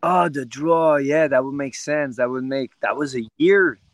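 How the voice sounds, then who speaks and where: Animated, profane man telling fight stories. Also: medium pitch, a little slow, dry recording. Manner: animated, profane, rambling with restarts. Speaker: guest fighter. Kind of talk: casual interview storytelling.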